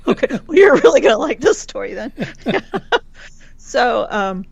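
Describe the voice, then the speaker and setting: A woman's voice: on the high side, very animated, takes it slowly, gravelly, darkish tone, breathy edge, no room sound, lo-fi sound. A woman guest telling a personal story in a frank, chatty way, swearing casually. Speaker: podcast guest.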